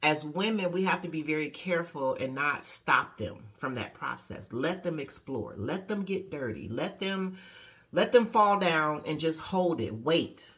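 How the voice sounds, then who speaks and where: A woman life coach giving a casual motivational talk, conversational and lively, often adding "you know" and "okay". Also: a little slow. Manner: animated storyteller, acting out quotes with big pitch jumps.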